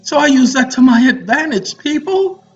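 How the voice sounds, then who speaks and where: In muffled audio with faint music, a man lectures online in a very high-pitched, sing-song voice at a moderate pace. His monologue is preachy and confrontational, broken up by teasing asides.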